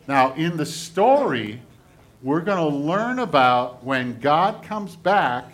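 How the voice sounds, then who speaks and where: A man, a pastor, giving a children's sermon in a church, speaking in a gentle, animated way to kids. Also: fairly high pitch, takes it slowly. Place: church sanctuary.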